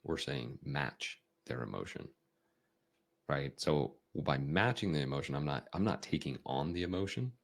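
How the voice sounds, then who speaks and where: A man hosting a podcast, talking through ideas in a conversational coaching style, acting out emotions with big shifts in tone. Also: normal speed. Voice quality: deep gravelly husky voice. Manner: animated, acts out emotions with big swings in tone. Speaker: podcast host.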